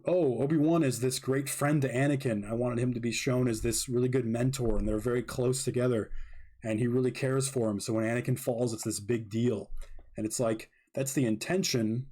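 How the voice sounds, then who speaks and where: A man's voice: mid-range voice, mellow. A young man hosting a podcast, talking in a rambling, blunt, casual monologue and swearing now and then. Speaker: podcast host.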